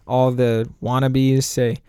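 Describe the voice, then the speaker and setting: A man's voice: mid-range voice, level tone, slow, mellow, clean tone, dry recording, studio quality. A man co-hosting a podcast, chatting casually and enthusiastically about video games, rambling and laughing often. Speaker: podcast co-host.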